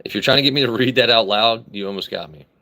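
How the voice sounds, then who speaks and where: A man's voice: mid-range voice, fast, pushed and bright. A man hosting a casual live stream, reading comments aloud, joking brashly and swearing freely. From United States. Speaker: livestream host.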